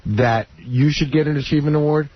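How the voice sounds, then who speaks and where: Husky, stammering male radio co-host. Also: fairly high pitch, fairly even intonation. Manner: halting, stammering restarts. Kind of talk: casual radio banter. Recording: dull lo-fi radio broadcast.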